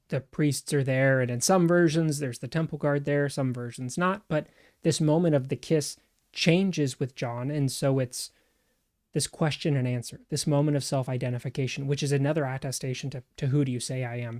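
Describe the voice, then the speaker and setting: A man co-hosting a casual discussion, speaking in a measured way and reading scripture aloud steadily. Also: medium pitch, fairly even intonation, darkish tone. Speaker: co-host.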